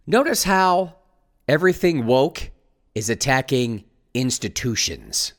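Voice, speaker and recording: Sarcastic male commentator, lively pitch. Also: measured pace. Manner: mocking, sarcastic asides. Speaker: host. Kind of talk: sarcastic commentary reading news.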